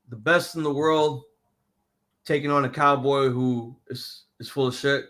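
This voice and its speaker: A man hosting a casual wrestling reaction chat, excitable and profane, often restarting his sentences. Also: mid-range voice, measured pace. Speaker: podcast host.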